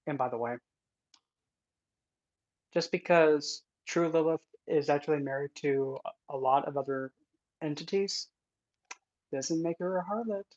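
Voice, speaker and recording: A mid-range, darkish voice, a little slow with long pauses, belongs to an occult content creator making casual vlog commentary. The delivery is indignant and sarcastic, and the recording is dull lo-fi.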